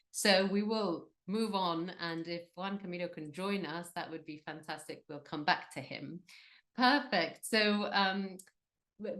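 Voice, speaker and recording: A woman's voice: lowish voice, fairly bright tone. A woman moderating an online business webinar, upbeat and encouraging, with many fillers.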